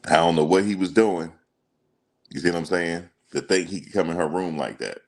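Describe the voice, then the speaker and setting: Very deep-voiced man riffing casually. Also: a little fast, darkish tone. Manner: emphatic, repeats phrases, slangy. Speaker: commentary channel host. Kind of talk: casual commentary on celebrity news.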